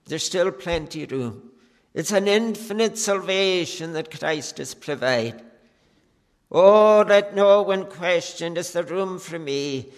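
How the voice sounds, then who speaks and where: Male preacher, earnest pleading sermon delivery, unhurried, long reverb from a church hall. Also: sits high.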